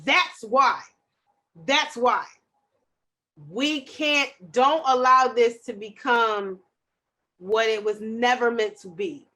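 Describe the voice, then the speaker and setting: A woman hosting a podcast, talking in a loud, passionate way. Her voice sits a little high and sounds bright and forceful. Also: slow pace, pauses often. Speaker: podcast host. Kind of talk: casual chat.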